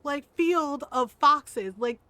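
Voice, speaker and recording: A woman game streamer chatting casually with her viewers, telling a story in an animated way, laughing often and swearing now and then. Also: high-pitched, slow pace, no room sound.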